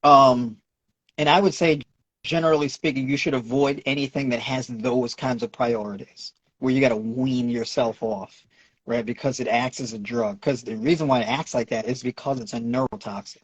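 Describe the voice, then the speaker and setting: A man's voice: medium pitch, steady tone, normal speed, slightly rough, no echo, rough recording. A man with a New York accent, a nutrition and fitness coach, explaining at length in a lecturing way and checking in with "right?". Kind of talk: explaining in a podcast Q&A.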